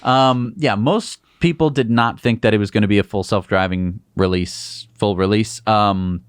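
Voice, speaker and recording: A man co-hosting a casual tech news chat, reading posts and adding relaxed, joking comments. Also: fairly low pitch, normal speed, clean tone, no echo, clean studio sound. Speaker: co-host.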